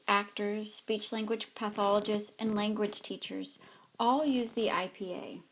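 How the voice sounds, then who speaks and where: A woman, an ESL teacher, reads a scripted slide presentation carefully, with small slips. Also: mid-range voice.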